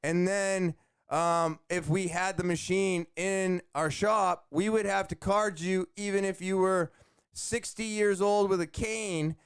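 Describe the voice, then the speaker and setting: A man's voice: high-pitched, steady tone, slow, smooth, no room sound, studio quality. A man hosting a podcast, telling about his week in a blunt, ranting monologue and swearing now and then. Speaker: podcast host and vape shop worker. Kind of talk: casual monologue.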